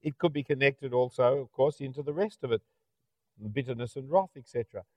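Speaking a little fast in a mellow, medium-pitched voice with no room sound, a middle-aged Australian man delivers a conversational sermon. He frequently wraps up points with rhetorical tag questions, and the audio is dull, dry, and lo-fi.

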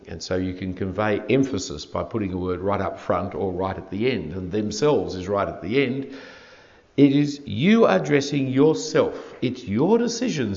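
A man preaching an expository sermon, his gravelly voice rising and falling with animated pitch. He slips in dry, wry asides between verses. The recording is dull and lo-fi.

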